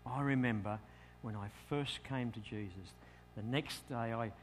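A middle-aged Australian man, a pastor telling a lively story in a sermon and acting out his own thoughts. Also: mid-range voice, unhurried, a little hiss or hum.

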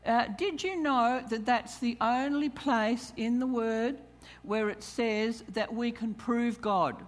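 A woman's voice: a little high, steady tone, slow. A woman preaching a sermon to a congregation, calling out questions to them and reading scripture aloud. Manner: calls questions to the congregation, reads scripture, chuckles. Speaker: church speaker. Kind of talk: sermon on tithing.

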